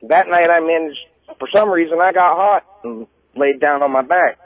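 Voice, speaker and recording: A man's voice: a little high, normal speed. A man calling in to a radio show, recounting events in a matter-of-fact, plain-spoken way over a dull phone line. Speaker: caller. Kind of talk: call-in radio chat.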